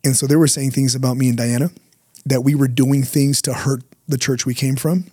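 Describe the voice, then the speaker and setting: Middle-aged pastor guy, husky and mellow, dry close mic, tells stories all animated. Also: brisk, no echo. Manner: animated, jumps high when acting out his younger self. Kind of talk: casual storytelling chat.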